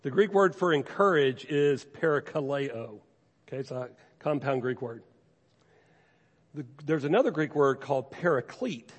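Long reverb from a big hall surrounds this man preaching as pastor in an animated, mid-range voice at a moderate pace. He speaks earnestly and conversationally, driving his listeners forward by repeating key phrases.

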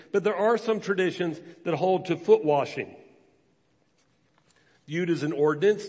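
A man preaching a sermon as a pastor, telling stories with acted quotes. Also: a little high. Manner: storytelling with acted quotes, animated. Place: church sanctuary. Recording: long reverb of a large hall.

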